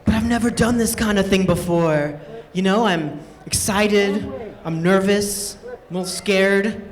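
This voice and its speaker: A woman voicing a shy, nervous straight young man who speaks low and hesitantly, on a comedy stage. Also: a little slow, lightly acted. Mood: coy, nervous. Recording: long stage hall reverb.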